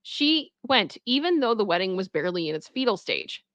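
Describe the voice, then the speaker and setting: A woman hosting casual story commentary, chatty and animated, often laughing as she reacts. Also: mid-range voice, a little fast, dry recording, highs cut off. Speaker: commentary host.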